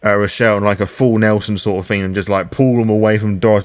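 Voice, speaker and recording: A man's voice: lowish voice, steady tone, quick pace, few pauses. A British man running and playing a tabletop role-playing game alone, thinking aloud over dice rolls with frequent restarts. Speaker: solo game master and player. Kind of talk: solo tabletop actual play narration.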